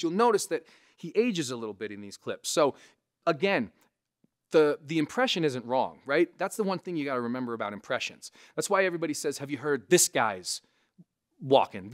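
A man with a resonant voice, a comedian casually teaching impressions to camera, animated and conversational. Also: medium pitch. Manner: animated, conversational, frequent "right?" asides. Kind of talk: casual instructional talk to camera.

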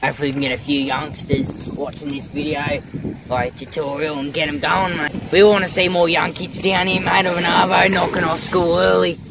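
A man's voice: on the high side, flat delivery, brisk, vocal fry, noisy background. A young Australian man chatting casually outdoors by a creek, laid-back and slangy, calling everyone mate. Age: young adult. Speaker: vlogger.

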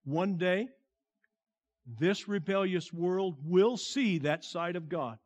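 A male pastor with a fairly high voice preaching at an unhurried pace. He lingers over each phrase, drops to a near-hush on tender lines, and lifts his voice to stress the important ones. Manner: slow, deliberate preaching that drops to a hushed tone and swells on emphasis. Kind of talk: sermon.

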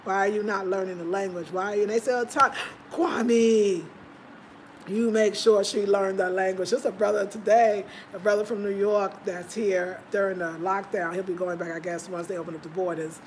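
A woman hosting a casual livestream from home, chatting and reading out viewer comments in an animated, talkative way. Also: mid-range voice, fast, few pauses, slight background noise. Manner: animated, chatty, breaks into laughter. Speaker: livestream host.

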